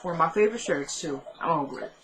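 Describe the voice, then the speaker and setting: A woman's voice: low voice, expressive, quick pace, noisy background. A woman vlogger chatting casually as she retells a TV episode, with asides and laughs aimed at her viewers. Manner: laughs often, talks straight to her audience. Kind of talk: casual chat.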